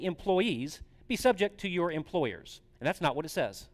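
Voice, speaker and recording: A pastor preaching a conversational sermon, putting questions to the congregation. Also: male voice, mid-range voice, big-room sound.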